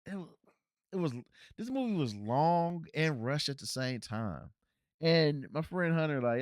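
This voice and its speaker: Animated man rambling through a movie review. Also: normal speed, dry recording, clean studio sound. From Cincinnati, US. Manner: rambling, frequent restarts and fillers, animated swings in pitch. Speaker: podcast host reviewing a movie. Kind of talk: casual solo movie review.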